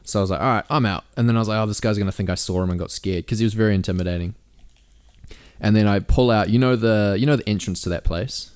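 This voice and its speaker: Aussie dude, low voice, telling dirty stories, cussing nonstop. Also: male voice, fast, smooth. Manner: swears a lot, acts out quotes in a high shouty voice. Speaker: podcast co-host. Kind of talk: crude casual storytelling.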